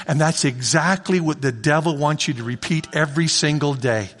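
A man preaching a sermon, acting out God's voice and swinging between shouts and hushed pleading. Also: fairly high pitch, fairly quick, hardly any pauses, long reverb tail. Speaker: pastor.

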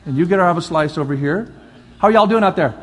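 A man preaching as a pastor, energetic and coaxing, often repeating his calls to the crowd. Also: fairly high pitch, fairly quick. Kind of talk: lively sermon demonstration. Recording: long hall reverb, faint crowd.

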